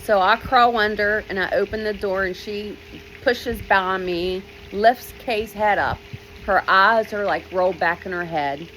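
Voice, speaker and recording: In a rough recording with slight background noise, a woman who is an author recounts her childhood in a mid-range, fairly bright voice. She takes her time, often opens with "well," and performs the voices of the people she quotes.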